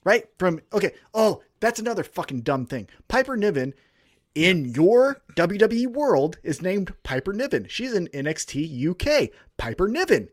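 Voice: medium pitch, sing-song, normal speed, no echo, studio quality. A podcast co-host ranting in a casual show, heated and full of swearing.

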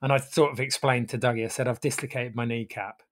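A man recounts his story in an even, matter-of-fact tone. He talks casually and calmly, and his voice sometimes sinks into low, quiet asides. His pitch sits in the middle of the usual range. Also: fast. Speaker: guest telling a story.

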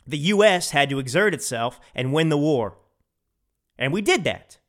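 Emphatic man with a lively voice. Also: on the high side, normal speed. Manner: emphatic, opinionated, repeats phrases for stress. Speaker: podcast host. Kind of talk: solo political commentary.

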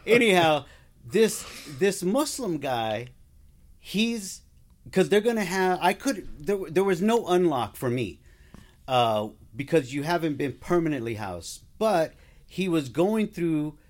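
A man's voice: fairly high pitch, big pitch swings, slow. A man as a podcast guest, telling a personal story in casual conversation, acting out what people said and laughing along the way.

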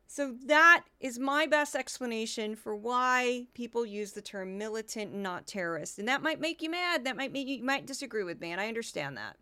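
Woman, podcast host, bright tense voice, dry close sound, earnest and animated. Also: a little high, fairly quick, few pauses, clean tone, no room sound. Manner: earnest, animated, talks with emphasis. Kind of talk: casual commentary.

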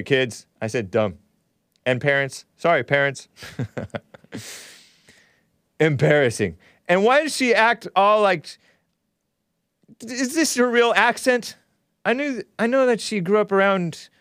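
A man's voice: fairly high pitch, fairly bright tone, smooth, no echo, clean studio sound. A man hosting his own show, giving sarcastic commentary over news clips with mocking asides. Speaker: show host.

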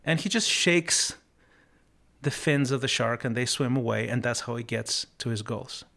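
In an earnest, reflective way, a male podcast host discusses life lessons on his motivational show. He tells stories loosely, regularly restarts phrases, and slows down for emphasis on key points. His medium-pitched voice is creaky, bright, and forceful.

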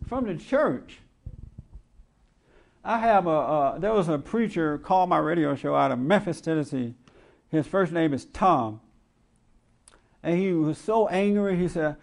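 A man's voice: fairly high pitch, expressive, moderate pace, darkish tone. A man hosting a radio talk show, preaching with emphatic rhetorical questions and mocking quotes. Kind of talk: preaching commentary to a live audience.

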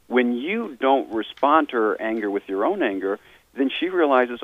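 A man's voice: mid-range voice, big pitch swings, normal speed, dry recording. A man speaking as a therapist guest, earnestly explaining, with frequent restarts. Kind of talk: conversational interview talk. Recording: dry, tinny phone line.

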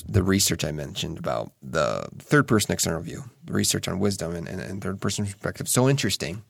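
A young man talks through a reflective monologue in an earnest, musing way, often restarting his sentences and swearing casually. His voice sits low with a gravelly, fry-edged texture. The recording is dry and close, with no room sound. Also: dry recording. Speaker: solo speaker.

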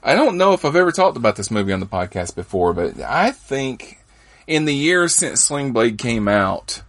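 A man's voice: medium pitch, big pitch swings, normal speed, dry recording. A man hosting a podcast, chatting casually and rambling about films, chuckling and restarting his sentences. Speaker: podcast host.

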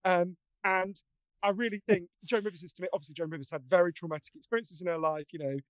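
Male guest, fairly high voice, earnest storyteller, dry close mic. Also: fast, no echo. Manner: earnest, animated storyteller with frequent restarts. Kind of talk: casual conversation.

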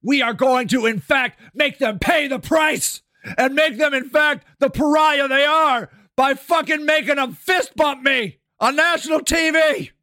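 A man doing a mocking impression of a male president, shouting profane bluster. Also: very high-pitched, unhurried, dry recording, clean studio sound, voice pushed up, heavily acted.

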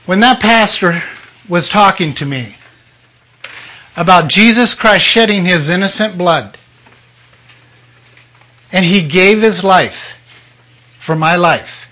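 An older man preaching a personal testimony, telling his story with emotion and sudden swings between loud outbursts and hushed moments. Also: high voice, slow, pauses often. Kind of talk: sermon testimony.

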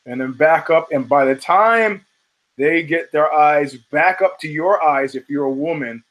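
A man from the United States hosts a casual monologue, swearing freely and acting out the voices in his stories. His voice sits a little higher than most men's, and he talks with animated energy. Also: a little slow, low-quality recording. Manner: profane, animated storyteller who acts out quotes. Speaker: show host.

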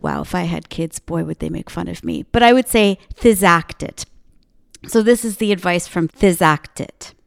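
A woman's voice: lowish voice, normal speed, vocal fry, few pauses. A woman hosting a podcast, speaking into a microphone in an emphatic motivational monologue with punchy repeated slogans. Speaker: podcast host.

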